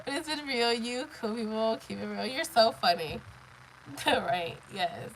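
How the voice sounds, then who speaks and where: A woman's voice: a little high, lively intonation, slow pace, a little hiss or hum, low-quality recording. A woman in her thirties chatting casually on a live stream, blunt, profane and emphatic as she tells her story.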